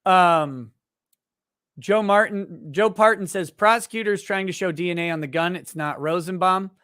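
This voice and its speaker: A man hosting a casual livestream, reading viewer chat messages aloud and joking, often restarting his sentences and growing animated in his stories. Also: high-pitched, clear, resonant tone, dry recording, studio quality. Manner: rambling and joking, with halting restarts; animated when telling stories. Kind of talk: casual live-stream chat.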